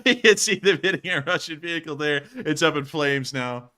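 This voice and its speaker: A man's voice: a little high, animated, normal speed, sharp tone. A man giving casual, joking commentary on video clips as a show host, breaking into laughs and mock voices. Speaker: war news commentator.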